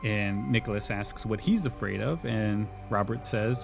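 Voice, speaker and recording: A man hosting a podcast at home, chatting in a relaxed way about an old sitcom episode. He slips into short, playful character quotes and breaks into laughter often, and faint music plays behind him. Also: fairly low pitch, vocal fry. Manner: retells scenes with quick acted quotes, laughs often. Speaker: podcast host. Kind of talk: casual recap chat.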